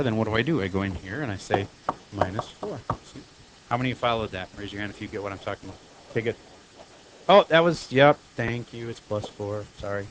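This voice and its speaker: A man teaching a high school math class, lecturing in a chatty way and firing quick questions at his students. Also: a little hiss or hum, poor audio.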